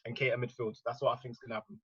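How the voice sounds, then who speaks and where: A man chatting about football as a regular panelist on a podcast, relaxed and quick to laugh. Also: mid-range voice, husky, no echo, dull audio. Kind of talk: casual football banter.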